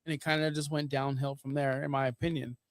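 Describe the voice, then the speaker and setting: A man's voice: mid-range voice, level tone, fast talker, no room sound. A man co-hosting a wrestling podcast, laid-back and joking, swearing and calling people brother. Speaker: podcast co-host. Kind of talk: casual wrestling podcast chat.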